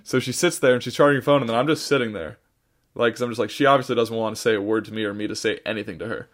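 A man's voice: mid-range voice, fairly even intonation, very fast. Tired guy rambling thru a story, lots of um and like, podcast chat. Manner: rambling, full of fillers and restarts. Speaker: podcast co-host.

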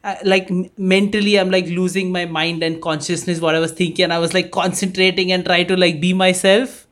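A high-voiced man telling a rambling story. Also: flat delivery, fairly quick, fairly bright tone. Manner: laughs often, swears casually, rambling storytelling. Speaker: podcast co-host. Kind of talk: casual chat.

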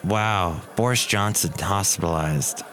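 A man hosting a casual solo podcast, talking in a chatty way with sarcastic asides and often mimicking other people in a high voice. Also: a little slow, a bit bright. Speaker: podcast host.

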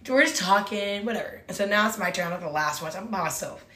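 Woman gabbing away quick about a trip, lots of "like", echoey room. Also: mid-range voice, sharp tone. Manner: chatty, fills talk with "like", acts out quotes. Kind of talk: casual chat, telling a travel story. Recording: roomy echo.

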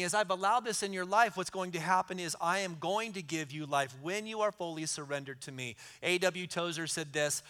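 A man's voice: a little high, normal speed, hardly any pauses, pushed and bright, smooth. A middle-aged man preaching a sermon in an earnest way, repeating key lines for emphasis. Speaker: pastor.

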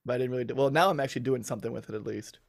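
A man's voice: mid-range voice, rapid-fire, gravelly. A man guesting on a podcast, chatting casually and laughing easily. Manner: easygoing, laughs often. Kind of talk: casual chat.

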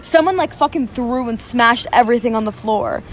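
A woman's voice: a little high, moderate pace. A young woman in casual chat, rambling and swearing often, with "like" in nearly every phrase. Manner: rambling, heavy use of "like", frequent swearing. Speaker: podcast co-host.

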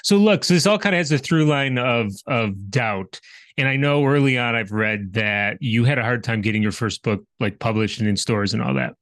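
A man's voice: mid-range voice, normal speed, fairly bright tone, no echo. Thoughtful male podcast host, dry sound. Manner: thoughtful, searching, rambling questions. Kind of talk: interview questions.

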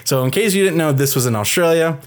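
A man's voice: on the high side, quick pace. A man co-hosting a film review podcast, talking in casual chat that rambles with lots of swearing, restarts and "like", and slips into acting out characters' lines. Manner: rambling and profane, full of restarts and "like"; animated, acts out characters' lines mid-sentence.

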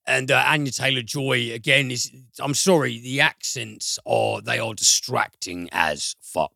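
A man's voice: medium pitch, measured pace, creaky, sharp tone, dry recording. A man reviewing a film in casual chat, rambling and profane, with frequent fillers and restarts.

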